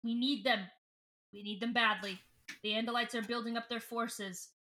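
A woman voicing a stern male alien council leader who speaks in a cold, measured, commanding way. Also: a little high, fairly even intonation, bright, forceful tone.

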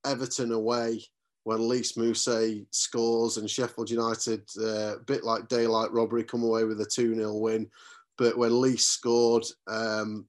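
A man, a radio sports reporter and commentator telling stories as a guest in a casual podcast chat. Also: on the low side. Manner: reminiscing storyteller, chatty and earnest.

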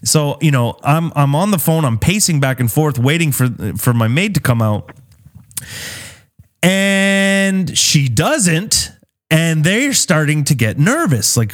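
A man in casual chat, telling a personal story with animated, dramatic swings in his voice. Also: a little high, measured pace.

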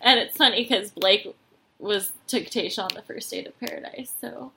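A young woman chatting casually as a podcast co-host, retelling a reality show in an animated, giggly way full of fillers. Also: medium pitch, moderate pace, slight background noise. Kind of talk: casual TV recap chat.

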